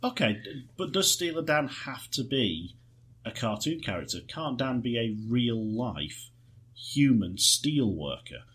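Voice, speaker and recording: A man co-hosting a podcast, chatting in a lively, enthusiastic way and telling anecdotes. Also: medium pitch, a little slow, breathy edge. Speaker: podcast co-host. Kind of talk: casual chat.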